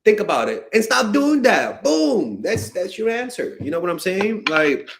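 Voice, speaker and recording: Lively, higher-voiced man, emphatic and exasperated, casual dating coach who swears freely. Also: moderate pace, gravelly, noisy background. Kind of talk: casual advice monologue answering viewer questions.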